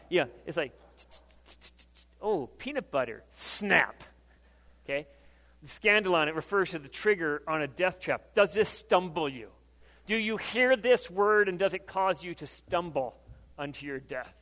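A man with a high-pitched voice preaches a sermon in a conversational way, checking in with his listeners with frequent questions. His voice carries a long reverb, as if he is in a church sanctuary. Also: a bit bright. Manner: conversational, asks the congregation questions. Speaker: pastor.

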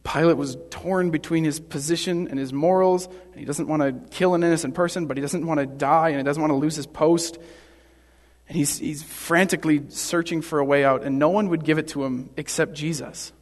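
Preacher, male, fairly high voice, earnest sermon delivery, long hall reverb. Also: steady tone, a little fast.

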